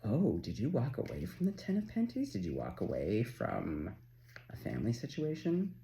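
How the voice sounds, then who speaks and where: A man from Canada doing a casual, chatty tarot reading, excitable and quick to swear. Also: medium pitch, gravelly, a little hiss or hum. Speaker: tarot reader.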